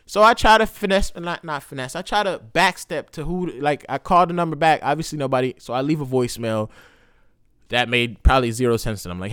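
A man, a military veteran, telling a profane, animated story in a casual monologue. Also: fairly high pitch, smooth, no echo, studio quality. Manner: profane, animated ranting with quick asides.

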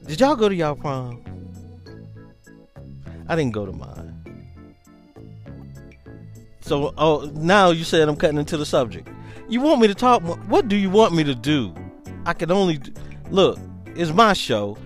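A man's voice: fairly high pitch, very animated, measured pace, long pauses, faint music behind. A man hosting his own podcast in casual, rambling chat, joking around and doing hype-style show intros. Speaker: podcast host.

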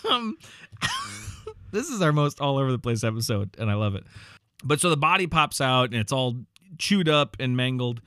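Man, podcast co-host, rambling casual recap, mid-pitched voice, dry close sound. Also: sing-song, moderate pace, fairly bright tone, smooth, dry recording. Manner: rambling, filler-heavy, quotes characters in voices. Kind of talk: casual movie recap chat.

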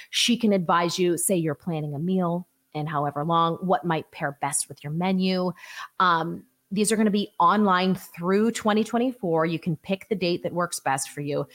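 Chatty woman hosting a podcast. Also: lowish voice. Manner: chatty and enthusiastic, with asides. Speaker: podcast host. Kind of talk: solo gift-guide podcast.

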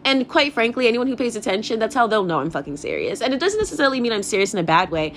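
Young woman, podcast host, casual confessional rant, rambling, lots of swearing, higher voice, faint hiss. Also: sing-song, rapid-fire. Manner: rambling, swears a lot, laughs often.

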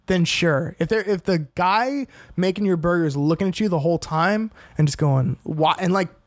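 A man's voice: fairly high pitch, no room sound. A young man hosting a solo podcast, ranting casually with lots of cursing and self-deprecating asides. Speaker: podcast host.

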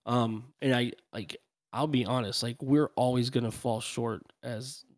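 A man's voice: medium pitch, steady tone, a little slow, no room sound, clean studio sound. A man co-hosting a casual parenting podcast, playful and self-deprecating. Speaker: podcast co-host.

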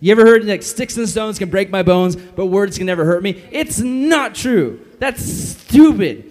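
A man's voice: high voice, normal speed. A man preaching a casual youth sermon as pastor to a group of kids, joking and acting out quotes in funny voices. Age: adult. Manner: animated, jokey, acts out quotes in funny voices.

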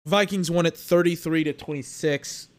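Speaking at a moderate pace in a voice on the high side, a young sports podcast host delivers a blunt, casual monologue full of exasperated rants in slang.

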